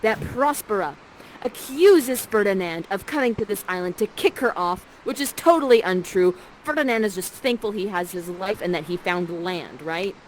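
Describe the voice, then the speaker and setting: A woman's voice: mid-range voice, expressive, normal speed, slight background noise, poor audio. A woman playfully narrating and directing players through a live play, coaxing and jokey, on a headset mic. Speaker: immersive theater performer guiding players.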